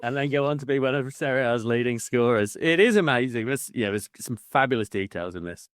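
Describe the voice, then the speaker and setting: A man chatting casually as a podcast co-host, dropping swear words and breaking into laughs as he goes. His voice sits at an ordinary middle pitch. The sound is close and dry, with no room around it. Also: expressive, a little fast, fairly bright tone, clean tone, no echo. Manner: swears freely, laughs mid-sentence, mimics people in quotes. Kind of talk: casual book-club chat.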